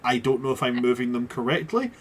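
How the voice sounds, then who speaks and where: A man's voice: medium pitch, a little fast, a crowd in the background. A man running a tabletop game as game master, rambling and self-mocking, full of restarts.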